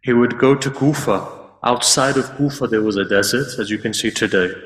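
A man preaching an emotional sermon, slowing and dropping almost to a hush at the sad moments. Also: medium pitch, a little hiss or hum. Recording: roomy hall with long reverb, from far off.

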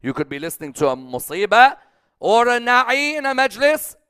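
A man's voice: very high voice, big pitch swings, normal speed, clean tone, no echo, clean studio sound. A man giving a sermon, speaking emphatically, repeating phrases rhythmically and putting questions to his listeners. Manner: emphatic, rising to loud peaks then dropping soft. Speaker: speaker at a religious gathering.

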